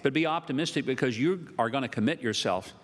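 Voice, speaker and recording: A man's voice: mid-range voice, fast. An older man with a Southern American accent giving a humorous, folksy speech to university students, with punchy comic timing. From Southern United States. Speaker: speaker addressing university students. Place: large auditorium. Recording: long reverb of a large hall.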